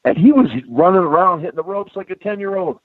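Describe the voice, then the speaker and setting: An older man telling stories in a casual chat, animated, often calling the listener bro and man. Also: sits high, fast, no room sound. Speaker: guest. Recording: dry tinny phone-like line.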